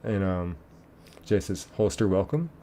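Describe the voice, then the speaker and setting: A man's voice: deep voice, animated, measured pace, mellow, slight background noise. A man streaming a game, casually reading chat messages aloud, laid-back and chuckling.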